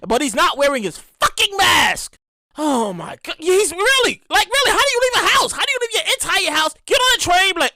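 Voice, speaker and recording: A woman's voice: very high-pitched, normal speed, no echo, studio quality. A woman hosting her own podcast in a casual, profane, ranting monologue. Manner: animated, profane, ranting storyteller. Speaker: podcast host.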